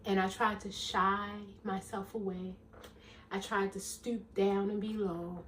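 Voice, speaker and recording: A middle-aged woman life coach giving a motivational talk in an emphatic, preacherly way, with a loud, commanding voice, calling listeners "baby" and "girl.". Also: medium pitch, level tone, unhurried, recorded from a distance, slight background noise. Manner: self-described loud, commanding voice.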